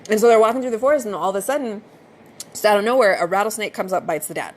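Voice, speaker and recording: A woman's voice: mid-range voice, racing. Chatty woman podcaster retelling a movie. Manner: chatty, swears freely, retells a movie scene by scene. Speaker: podcast host. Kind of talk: casual podcast storytelling.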